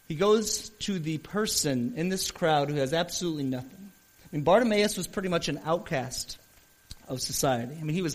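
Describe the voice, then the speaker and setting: A man preaching a sermon as pastor, retelling a Bible story earnestly with shifts in pace and loudness. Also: a little high.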